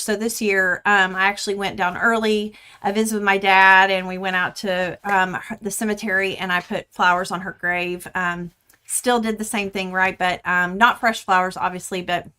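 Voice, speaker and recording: A woman's voice: medium pitch, sharp tone. A woman in her fifties hosting a quilting livestream from home, chatting casually and rambling with lots of fillers and restarts.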